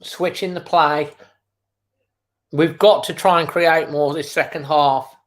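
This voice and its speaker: Frustrated football fan commentating. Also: male voice, fairly high pitch, steady tone, takes it slowly. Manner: frustrated running match commentary, exasperated outbursts. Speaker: football fan channel host. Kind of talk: live match watchalong reaction.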